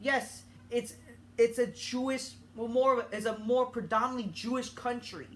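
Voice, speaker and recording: Heated high-voiced young woman ranting. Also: fairly even intonation. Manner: heated, profane, halting with many restarts. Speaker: vlogger. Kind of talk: angry political rant.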